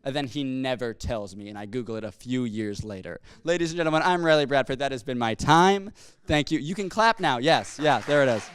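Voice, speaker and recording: A man's voice: medium pitch, animated, a little fast, smooth. A young man performing a stand-up comedy set on stage into a handheld mic, telling rambling stories that keep interrupting themselves. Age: young adult. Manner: rambling, self-interrupting storytelling.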